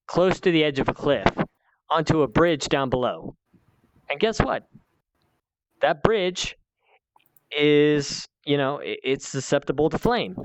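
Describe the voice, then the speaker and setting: A man's voice: on the high side, dull audio. A man hosting a heated one-on-one conversation, lecturing in a repetitive, escalating way and swearing now and then. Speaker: channel host.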